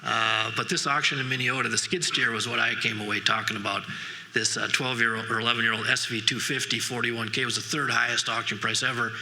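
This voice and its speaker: A middle-aged man tells folksy stories from the stage, circling back through asides. His voice is bright and forceful. Long reverb trails off each phrase in a big conference hall. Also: mid-range voice. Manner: folksy storytelling with frequent asides and restarts. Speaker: keynote speaker. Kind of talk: conference keynote talk.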